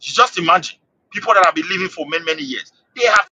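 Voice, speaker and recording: A man calling into a live show, his voice set high and swinging widely in pitch as he pushes his case. The tone is bright and a little husky, and he keeps restarting and repeating phrases for emphasis. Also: lively intonation, fast, dry recording, muffled recording. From Nigeria. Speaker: call-in guest. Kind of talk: impassioned political commentary.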